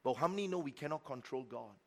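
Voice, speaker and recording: A middle-aged man preaching a sermon as pastor, telling a story with emphatic repetition and sudden swings between loud and quiet. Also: medium pitch, expressive, fast talker. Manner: repeats words for emphasis.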